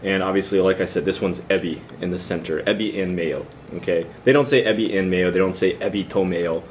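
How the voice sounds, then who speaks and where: A man's voice: low voice, fairly even intonation, normal speed, a little hiss or hum. An American man giving a casual video lesson, chatty and teasing as he quizzes the viewer. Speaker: vlogger teaching about Japan.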